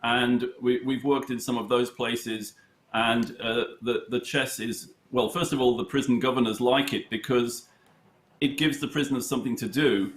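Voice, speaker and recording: A middle-aged man from the United Kingdom, a chess charity head, answering interview questions in a halting, storytelling way with many fillers. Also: medium pitch, fairly even intonation. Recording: roomy echo.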